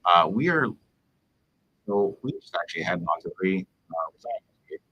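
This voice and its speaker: A man, a police officer, hosting a casual livestream Q&A, talking in a rambling, halting way full of fillers. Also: deep voice, expressive, slightly rough, muffled recording.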